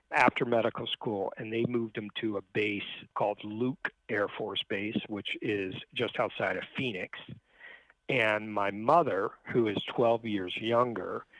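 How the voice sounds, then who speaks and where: Podcast guest, male, lowish voice, measured storyteller, dry close recording. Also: a bit bright, no echo, poor audio. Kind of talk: conversational storytelling.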